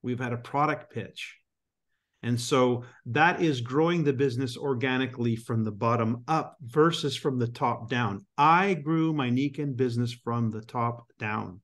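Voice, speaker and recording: A man's voice: mid-range voice, a little slow, a bit bright. A man coaching a sales team on a group call, driving his points home with emphatic, punchy delivery. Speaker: business coach. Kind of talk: motivational call talk.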